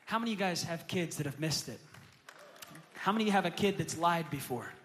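Pastor, male, 30s, high voice, impassioned sermon delivery with long church-hall reverb. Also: animated, quick pace, a little hiss or hum. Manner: preaching that swells to loud, impassioned peaks; acts out quoted voices of his kids in storytelling. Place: church sanctuary with a congregation.

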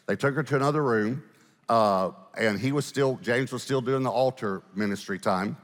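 A man preaching a storytelling sermon, animated, with fast asides and slow dramatic pauses. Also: medium pitch. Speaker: pastor. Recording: echoey hall, live sermon.

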